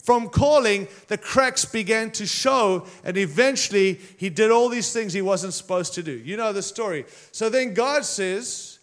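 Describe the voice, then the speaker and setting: A man preaching a sermon to a congregation, retelling a story in an energetic, conversational way. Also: high-pitched, measured pace, hardly any pauses.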